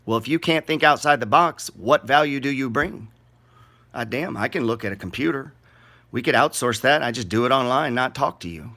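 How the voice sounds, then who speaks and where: A man's voice: mid-range voice, normal speed, sharp tone. A middle-aged man giving casual, rambling market commentary in a blunt, profane and sarcastic way.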